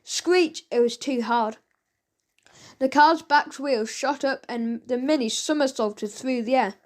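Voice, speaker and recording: A woman reads a children's audiobook aloud, lively and expressive, with a high voice. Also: a little slow. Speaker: audiobook narrator.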